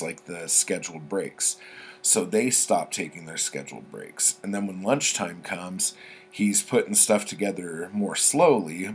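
A man's voice: low voice, slight background noise. A man casually retelling a horror story for his book vlog, rambling with lots of fillers and the odd swear word. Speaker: book vlogger. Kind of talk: casual spoken book summary.

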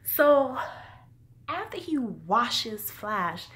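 A woman with a voice a touch higher than most talks through a film in a loose, casual review. She swears freely, gets excitable and keeps acting out the scenes she describes. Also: very slow. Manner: excitable, profane, exclaims and acts out scenes. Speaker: movie reviewer.

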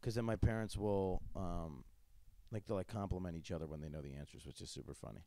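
A man's voice: sits low, fast talker, no room sound. A man hosting a podcast in casual chat, rambling and joking as he tells stories and acts out voices. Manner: rambling, animated storyteller who jokes and acts out voices. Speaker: podcast host.

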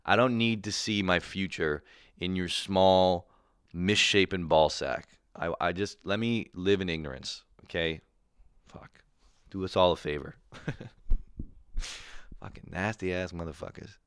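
A man hosting a comedy podcast, telling a profane, animated solo rant with quick voiced impressions. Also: deep voice, smooth, no room sound, clean studio sound.

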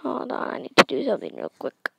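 Gravelly-voiced teen girl rambling. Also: medium pitch, huge pitch swings, quick pace, heavy background noise. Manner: rambling, chatty. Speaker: storyteller. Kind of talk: reading her own story aloud.

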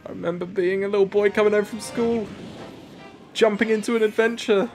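A young man in his twenties, a gaming host, joking and reacting excitably while he plays. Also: high voice, a little fast, faint music behind. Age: 20s. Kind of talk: let's-play commentary.

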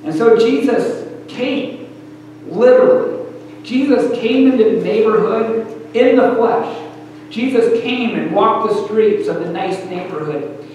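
Male preacher, storytelling sermon, higher voice, roomy hall sound with faint hum. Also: darkish tone. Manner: storytelling preacher, pausing often in short phrases. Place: church sanctuary. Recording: echoey hall, distant mic, faint hum.

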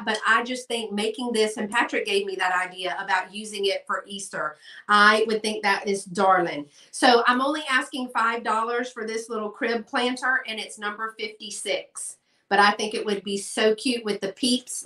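A woman's voice: mid-range voice, sharp tone, distant mic. A middle-aged woman, hosting a live sale in a chatty style and addressing viewers by name. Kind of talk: live-stream sales chat. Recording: echoey room, voice off-mic.

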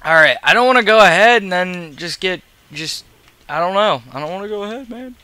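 A man's voice: sits high, lively intonation, brisk, bright, forceful tone, clear, resonant tone, no echo. A tired man, grumbling and swearing through casual gameplay commentary. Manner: profane, grumbling, sarcastic. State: tired and yawning. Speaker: gaming video creator.

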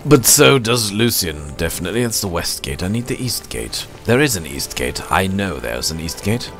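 A man's voice: sits low, sing-song, moderate pace, music in the background. A man hosting a let's play, rambling to himself with mock anger as he plays. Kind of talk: casual gameplay commentary.

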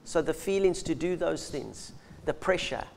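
A man's voice: fairly high pitch, expressive, normal speed, gravelly. A man and minister co-teaching in an earnest, exhorting conversational style.

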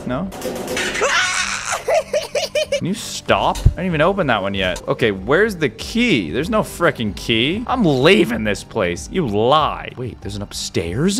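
A young man giving jumpy, excitable let's play commentary as he explores a creepy game, breaking into sudden shouts and laughs. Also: lowish voice, moderate pace, soft background music. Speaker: gaming YouTuber.

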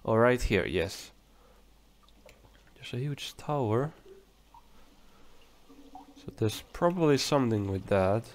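A man's voice: mid-range voice, lively intonation, takes it slowly, pauses often, a little hiss or hum. A young man casually commenting on his own gameplay, musing aloud in a chatty, hesitant way. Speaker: let's play gamer. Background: game music.

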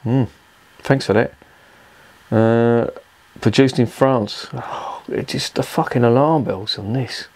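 A man's voice: medium pitch, steady tone, slow pace, darkish tone. A man reviewing a beer in a rambling, profane, exasperated rant. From England. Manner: swears constantly, rambling and exasperated.

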